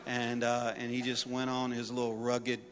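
A middle-aged man preaching a sermon, telling personal stories with humor and building to loud exhortation. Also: mid-range voice, completely flat delivery, moderate pace, over music. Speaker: pastor. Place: church sanctuary. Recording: long reverb of a large hall.

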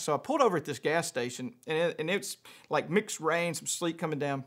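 A man from Louisiana with a Louisiana accent, a pastor preaching a sermon, telling a personal story in an animated way and then praying. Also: a little high, a little fast, hardly any pauses. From Louisiana, USA. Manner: animated storyteller, acts out voices, chuckles.

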